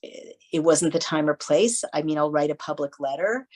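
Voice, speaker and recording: A woman speaks in a low, full voice as a podcast guest. She tells her stories animatedly and briefly plays the people she quotes. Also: moderate pace, darkish tone, rough recording. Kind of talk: casual interview conversation.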